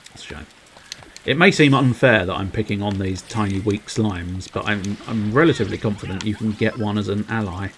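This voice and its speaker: A man with a fairly low voice streams a game while chatting loosely with his viewers. He rambles along, slips into cheeky double meanings and laughs at his own asides, with a faint patter of rain behind him. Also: a little fast, a bit bright, slight background noise, rough recording. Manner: rambling, playful innuendo, chats to viewers. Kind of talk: casual livestream commentary.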